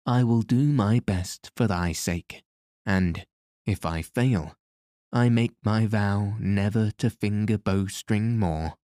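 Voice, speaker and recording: A man's voice: fairly low pitch, slow pace, darkish tone, no echo, clean studio sound. A man voicing a gallant, loyal outlaw archer in a storybook reading, with earnest archaic speech.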